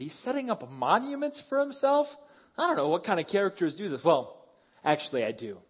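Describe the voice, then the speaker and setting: Male pastor, lively and casual sermon delivery, voice sits a bit high. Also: fairly quick. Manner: casual, animated preaching with slang.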